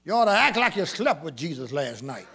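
Male preacher, high lively voice, gravelly, bright, faint congregation behind. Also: brisk, a faint crowd. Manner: shouting, call-and-response, repeating words. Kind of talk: sermon. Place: church with congregation.

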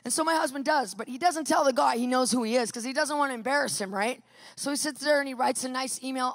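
High voiced woman preaching, telling a story all animated, dry close sound. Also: quick pace, no echo. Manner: lively, animated storyteller who acts out quotes. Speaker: Christian speaker. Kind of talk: storytelling sermon.

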